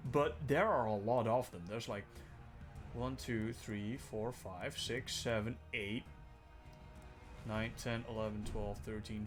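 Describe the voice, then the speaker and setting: A man streaming a strategy game, thinking aloud in casual, excitable commentary and swearing freely. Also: on the low side. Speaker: gaming streamer. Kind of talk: casual let's-play commentary.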